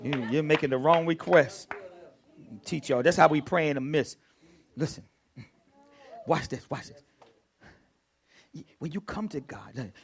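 A man preaching a prayer sermon as pastor, repeating phrases and swinging from soft murmurs to loud shouts. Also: fairly high pitch, gravelly, slightly rough. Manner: repeats phrases, drawn-out emphatic delivery.

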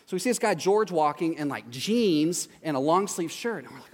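High-voiced man telling a funny story. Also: moderate pace. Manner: animated, acts out quoted voices. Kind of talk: comedic anecdote. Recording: long hall reverb.

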